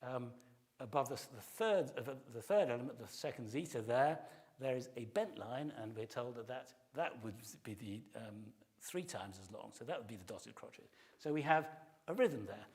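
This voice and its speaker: A man's voice: mid-range voice, lively intonation, normal speed, darkish tone. A middle-aged man, a classics professor, giving a public lecture and explaining in detail, at times singing short phrases to illustrate. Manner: explanatory, sings short snatches of melody to illustrate. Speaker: classics professor giving a pre-concert talk.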